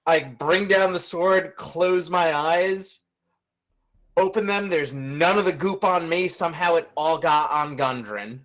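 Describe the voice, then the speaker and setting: A man's voice: fairly high pitch, a little slow, fairly bright tone. A man playing a tabletop game, hesitant and full of fillers. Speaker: player. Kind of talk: casual tabletop play.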